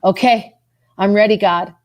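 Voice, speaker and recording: A woman's voice: mid-range voice, fairly even intonation, measured pace, a little mellow, dry recording. A woman guest on a podcast telling her personal story of faith, earnest and repeating herself as her voice rises when she is moved. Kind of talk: emotional personal testimony.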